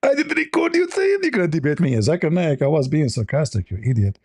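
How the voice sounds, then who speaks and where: A man's voice: fairly high pitch, sing-song, fast, darkish tone, husky, no echo, studio quality, exaggerated voice. A man voicing a meek, defensive male caller with a hesitant, stammering manner. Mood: irritated.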